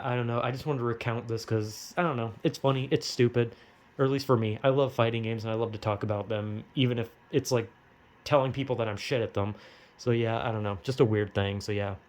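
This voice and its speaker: Exasperated profane gaming vlogger guy. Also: medium pitch. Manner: exasperated, self-mocking, profane storytelling. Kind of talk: casual rant to camera.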